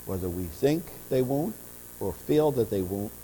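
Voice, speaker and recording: A man preaching an earnest, impassioned sermon as pastor of a church, his voice swelling louder in passionate stretches. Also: on the low side, animated, measured pace. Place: church sanctuary. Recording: church audio with long reverb and mains hum.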